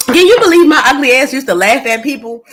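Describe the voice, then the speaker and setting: A woman holds forth on a livestream. She is blunt and profane, swearing freely as she talks to her chat. Her voice swings between loud bursts and low asides. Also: lively intonation, fast, faint music behind. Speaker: livestream host. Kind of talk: casual livestream rant.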